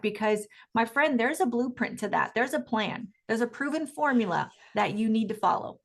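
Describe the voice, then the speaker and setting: An energetic woman coach talks in a higher voice. Her delivery is emphatic and eager, with frequent laughter, as she speaks as a guest in an interview. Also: moderate pace, creaky, hardly any pauses. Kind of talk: enthusiastic interview talk.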